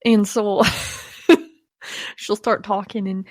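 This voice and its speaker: A woman's voice: medium pitch, level tone, extremely slow, a little mellow, no echo, clean studio sound. A woman co-hosting a podcast in casual chat, laughing often and swearing casually. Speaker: podcast co-host.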